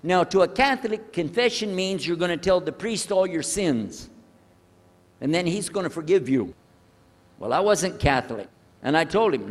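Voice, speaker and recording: An older male religious speaker telling a personal story to an audience, acting out the dialogue with lively changes of voice. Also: sits high, moderate pace, big-room sound. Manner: animated storyteller who acts out the dialogue.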